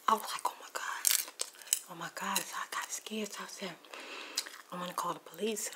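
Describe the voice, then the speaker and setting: Woman ASMR storyteller, gossipy whisper-ramble, close mic, noisy popcorn chewing. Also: fairly low pitch. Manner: rambling, gossipy, shifting between whisper and soft speech.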